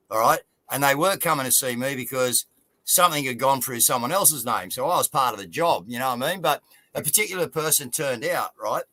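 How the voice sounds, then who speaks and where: A man's voice: mid-range voice, pushed and bright, no room sound. An Australian man co-hosting a livestream, telling stories in a blunt, casual way and calling people "mate". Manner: blunt, storytelling, lots of "mate". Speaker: co-host.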